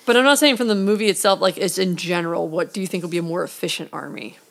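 A woman's voice: fairly low pitch, quick pace, vocal fry, a bit bright. A woman co-hosting a casual movie review chat, rambling and playful, now and then doing silly voices for jokes. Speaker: podcast co-host reviewing a movie.

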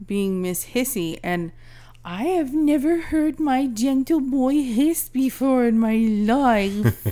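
In a casual podcast chat, a female co-host rambles through stories and swears without restraint. She has a high, expressive, warm voice and takes her time.

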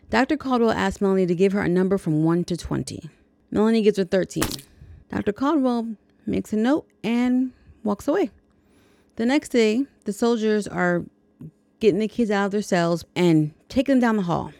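A woman's voice: medium pitch, creaky, warm tone, dry recording. A woman hosting a podcast, casually retelling a movie's plot with chatty, jokey asides. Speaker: podcast host.

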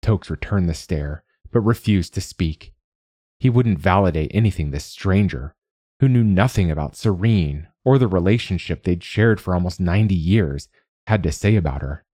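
A man reading a story aloud in scripted narration with a measured, even delivery. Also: low-pitched, dry recording, clean studio sound.

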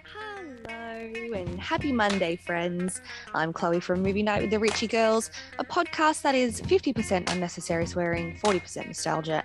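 A woman in her thirties opens her podcast with a scripted, self-mocking monologue, giggling often. Her voice sits a little low. A clear music bed runs beneath her. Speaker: podcast host.

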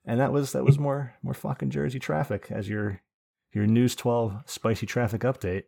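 A man's voice: mid-range voice, moderate pace, gravelly. A man hosting a podcast in casual chat, telling rambling stories with swearing and laughs. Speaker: podcast host.

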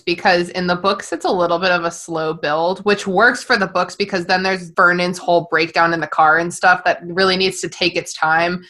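A woman's voice: fairly low pitch, a bit bright. A woman co-hosting a podcast, chatting casually about a film, laughing often and swearing now and then. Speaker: podcast co-host.

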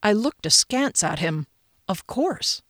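A woman voicing a bullying male kitchen boss who puts on a bad, shouty English chef act and swears loudly. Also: mid-range voice, very animated, slow pace, no echo, studio quality. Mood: blustering rant.

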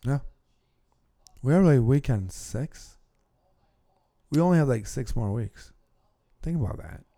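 A man's voice: mid-range voice, expressive, unhurried, gravelly, dark tone. A man hosting a casual sports podcast, explaining football plays at length. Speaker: podcast host.

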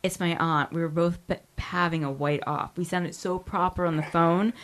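A woman co-hosting a podcast, firing off quick sarcastic comebacks in casual banter. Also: fairly low pitch, steady tone, fairly bright tone. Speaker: podcast co-host.

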